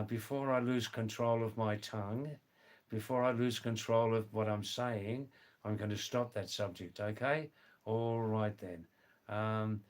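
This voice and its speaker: A man hosting a casual livestream from indoors, chatting with viewers, greeting them by name and often laughing. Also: medium pitch. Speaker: livestream host. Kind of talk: casual livestream chat, reading comments. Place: indoors, during a power cut.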